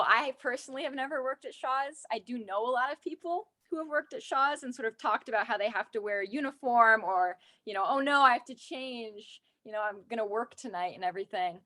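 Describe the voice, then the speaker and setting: A woman's voice: fairly high pitch, a bit bright. A young woman performing her own comic and serious poems with a playful, theatrical delivery, then answering questions. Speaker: student poet. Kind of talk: poetry reading.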